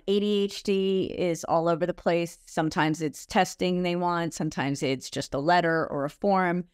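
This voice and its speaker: A woman's voice: fairly low pitch, no echo, studio quality. A woman guest speaking as an expert on college disability services, explaining things conversationally with frequent fillers and self-corrections. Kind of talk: conversational interview.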